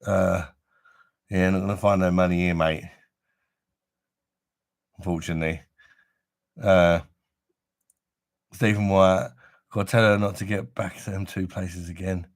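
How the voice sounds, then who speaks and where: A man's voice: sits low, little pitch movement, unhurried, long pauses. A man chatting casually on a live stream, rambling and swearing freely, with a chesty cough from an infection. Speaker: livestream host.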